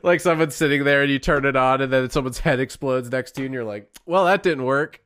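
A man's voice: medium pitch, fairly even intonation, quick pace, a bit bright, clean tone, no echo, clean studio sound. A man co-hosting a podcast, chatting casually and making jokes. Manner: joking, laughs often. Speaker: podcast co-host. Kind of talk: casual chat.

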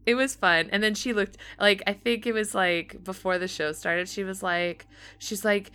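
A woman's voice: medium pitch, fairly even intonation, moderate pace, bright, forceful tone, clean tone. A young woman co-hosting a podcast, telling a story in casual chat with lots of fillers and acted-out quotes. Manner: chatty storytelling, many fillers, acts out quotes. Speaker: podcast co-host.

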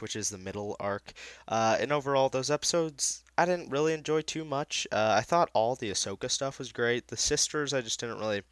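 A man with a very low but bright, forceful voice rambles excitedly through an episode review. He stumbles over fillers and restarts in a casual, eager way. The sound is dry and close. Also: dry recording.

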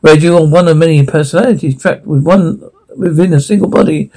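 An actor playing a calm, persuasive male villain in a TV drama. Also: a little high, a little fast, breathy edge. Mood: coaxing. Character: smooth, coaxing male villain, sure of himself. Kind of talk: TV drama acting.

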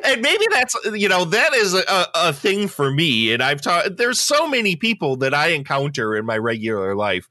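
A man's voice: a little high, huge pitch swings, moderate pace, hardly any pauses, sharp tone, no room sound, clean studio sound. A man co-hosting a podcast in casual chat, telling stories in a wry way and restarting his sentences. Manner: wry, storytelling, restarts often. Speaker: podcast co-host.

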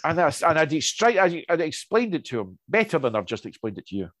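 A man chatting casually and telling anecdotes, lively, with many restarts and asides. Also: a little high, quick pace, dry recording. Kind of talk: casual chat.

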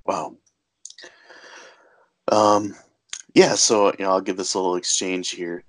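A man's voice: low voice, level tone, slow pace. A man hosting a podcast, chatting casually about a film with fillers and easy laughter. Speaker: podcast host. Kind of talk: casual movie discussion.

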